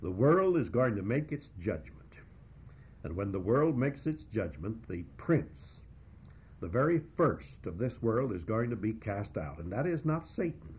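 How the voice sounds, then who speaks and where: A man with a husky, somewhat low voice preaches through a Bible passage verse by verse. He teaches in a measured, emphatic way, stopping now and then with an "uh." The recording sounds dull and lo-fi. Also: sing-song, a little mellow.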